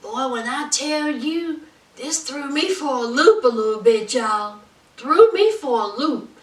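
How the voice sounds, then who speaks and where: A woman's voice: high voice, unhurried, roomy sound, distant mic. A woman recapping a reality show in casual, gossipy commentary, acting out what people said. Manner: animated, gossipy, acts out quotes. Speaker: reality TV reviewer.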